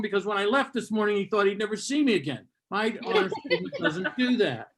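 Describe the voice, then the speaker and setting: Older male comic with a sardonic, mock-hostile delivery and a slightly raised pitch, working a live crowd. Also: sing-song, a little fast, few pauses, a bit bright, slight background noise. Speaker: stand-up comedian. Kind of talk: stand-up comedy set. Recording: live comedy club with audience.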